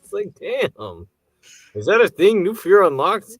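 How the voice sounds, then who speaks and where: A man's voice: high voice, very animated, a little slow, husky, no echo. Chill guy cracking jokes on a movie podcast, laughs a lot, dry mic, bit of music behind. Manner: laughs often, loose joking banter. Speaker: podcast co-host. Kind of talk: casual movie review chat.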